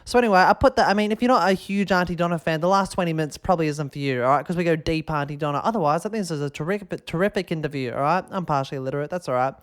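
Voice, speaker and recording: An Australian man hosts a laid-back podcast. He rambles happily and excitably from one thought to the next, looping back to keep the listener with him. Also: a little high, rapid-fire, hardly any pauses. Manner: rambling and excitable, keeps tagging "all right?". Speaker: podcast host. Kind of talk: casual podcast chat.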